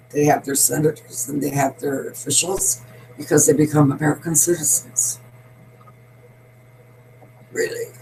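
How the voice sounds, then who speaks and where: A woman's voice: deep voice, creaky, darkish tone, slight background noise, low-quality recording. A woman in her eighties, a show host, giving a blunt, rambling, emphatic opinionated monologue. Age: 80s.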